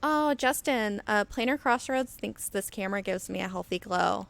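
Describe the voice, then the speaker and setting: A woman hosting a miniature-painting live stream talks in an animated mid-range voice with vocal fry and a fairly bright tone, at a moderate pace. She rambles casually as she demonstrates and reads viewer comments aloud, filmed in an indoor studio under flood lights on an auto-set webcam.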